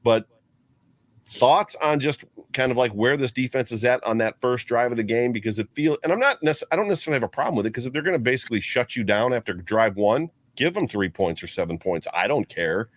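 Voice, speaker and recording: A man co-hosting a casual sports talk show, excitable and rambling as he reads out viewer comments. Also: medium pitch, fairly quick, dry recording. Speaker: co-host.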